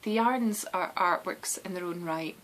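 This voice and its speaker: A woman's voice: fairly low pitch, a little slow, fairly bright tone, a little hiss or hum, rough recording. A Scottish woman hosting a knitting podcast, chatting casually and meandering with lots of restarts and ums. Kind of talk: casual chat.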